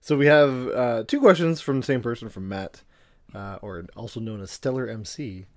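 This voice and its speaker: A Canadian man co-hosts a podcast in a hesitant, casual way, full of fillers and laughs. His voice is mid-range at a moderate pace, with no room sound.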